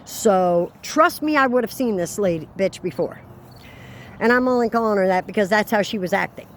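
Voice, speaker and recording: A woman telling a storytime rant as a vlogger, exasperated, dropping into low asides and then rising into raised outbursts. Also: moderate pace, slight background noise.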